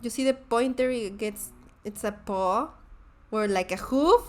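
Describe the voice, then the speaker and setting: Woman streamer, giggly, excitable, higher voice, slow unhurried talk, faint music behind. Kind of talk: game first-impressions commentary. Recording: commentary over game music.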